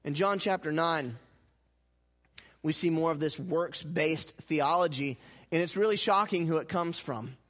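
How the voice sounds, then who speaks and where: High-pitched guy preaching a sermon, gets loud then drops real quiet, has the church repeat after him. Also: unhurried. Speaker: pastor.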